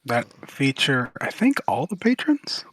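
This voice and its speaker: A man's voice: mid-range voice, wildly swooping pitch, measured pace, fairly bright tone. A man acting as game master for a tabletop game, talking casually, swearing freely and laughing easily. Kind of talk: running a tabletop game online.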